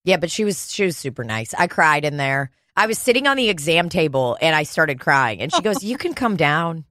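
A woman's voice: low-pitched, very animated, a little fast, a bit bright, no room sound, studio quality. A woman co-hosting a podcast, telling a story in casual, profane chat. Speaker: podcast co-host. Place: podcast studio.

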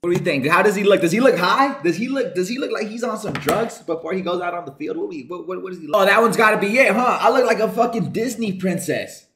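Excitable young man yelling at a football game. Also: high-pitched, fast talker, hardly any pauses. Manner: excitable, swearing, joking, shouting at the game. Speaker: gaming streamer. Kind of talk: casual gameplay commentary.

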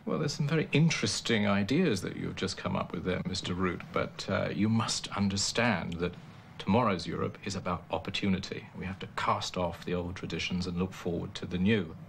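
A firm, lower-voiced official. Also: male voice, vocal fry, slight background noise. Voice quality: measured, polite but firm. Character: smooth male European official, businesslike. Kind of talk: TV comedy acting.

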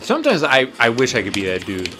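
A man's voice: medium pitch, wildly swooping pitch, a little fast, over music. A man hosting a podcast, talking casually while he plays a fighting game, rambling and swearing with self-deprecating humor. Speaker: podcast host and tattoo artist.

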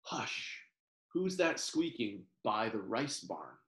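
Man, storybook reading, slow lilting sing-song, roomy echo, video call. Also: mid-range voice, lively intonation. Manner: gentle sing-song lullaby reading, pausing to explain Thai words. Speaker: professor reading picture books to families. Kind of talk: reading a children's picture book aloud.

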